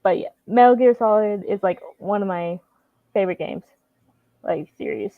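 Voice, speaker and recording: A woman guest on a livestream talk show, chatting casually and relaxed, with lots of "like" and "you know" fillers. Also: medium pitch, normal speed, no room sound, phone-quality sound. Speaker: guest streamer. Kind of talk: casual chat.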